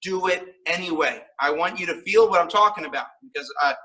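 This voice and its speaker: A man's voice: high voice, brisk, bright, forceful tone, recorded from a distance, low-quality recording. A man teaching a martial arts class on video, upbeat and coaching as he counts out the kicks.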